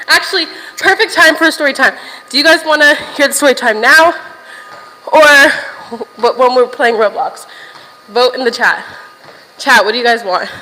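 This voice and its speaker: A woman's voice: sits high, moderate pace, pauses often, pushed and bright, big-room sound, slight background noise, low-quality recording. A young woman livestreaming from a gym while walking on a stair machine, chatting casually to viewers, a little out of breath and swearing now and then.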